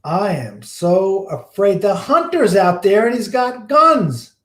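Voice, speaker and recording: A man's voice: a little high, big pitch swings, a little slow, a little mellow, roomy sound. A man voicing a timid, fearful male mouse that pleads anxiously, as an acted quote in a teaching story. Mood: terrified.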